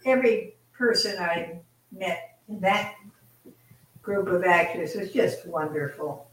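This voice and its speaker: Older actress answering from a distant, roomy mic. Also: female voice, on the low side, slow pace. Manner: gracious, hesitant, searching for names. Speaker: actress answering a fan question. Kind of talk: convention Q&A.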